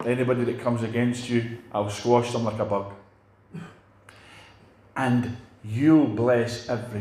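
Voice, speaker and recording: Older preacher in an echoey room. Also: male voice, mid-range voice, slight background noise. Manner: conversational preaching, rhetorical questions to the congregation. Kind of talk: sermon.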